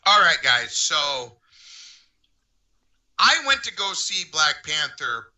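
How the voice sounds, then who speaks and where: A man co-hosting a podcast, telling a story with excitement and acting out quoted speech. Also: a little high, slow pace. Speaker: podcast co-host. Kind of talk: animated storytelling.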